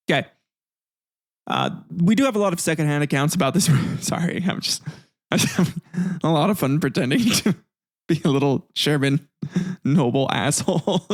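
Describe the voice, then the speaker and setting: A man's voice: a little high, expressive, normal speed, long pauses, no echo, clean studio sound. A man hosting a podcast, narrating history with irreverent, profane comic asides. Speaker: podcast host.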